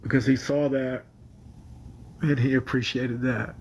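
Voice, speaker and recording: Slow, tearful man on a livestream. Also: mid-range voice, level tone, slight background noise. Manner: halting, emotional, apologetic. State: crying. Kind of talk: casual livestream chat. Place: his bedroom. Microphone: phone camera.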